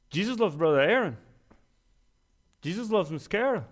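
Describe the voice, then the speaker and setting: A young man preaching at a church service, talking in a folksy, self-deprecating way. His voice sits a little high for a man, and he builds to loud, emphatic peaks before dropping back to quiet confession. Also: very animated, a little fast. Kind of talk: sermon.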